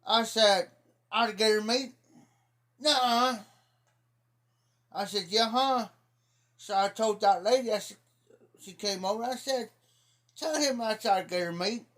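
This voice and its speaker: On a casual livestream, a middle-aged man from Ohio tells rambling, folksy stories, repeating "I said" as he goes. His voice is high-pitched and a bit bright, at a normal speed.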